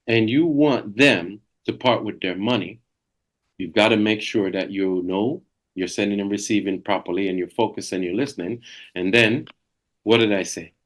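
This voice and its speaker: A middle-aged man leading a sales coaching webinar over a video call, talking emphatically and repeating key phrases. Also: fairly low pitch.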